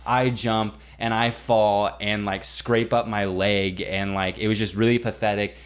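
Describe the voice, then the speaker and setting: A young man co-hosting a podcast, telling a story in casual chat, animated and full of swearing and "like". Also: lowish voice, a little slow. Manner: animated, swearing, heavy use of "like". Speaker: podcast co-host.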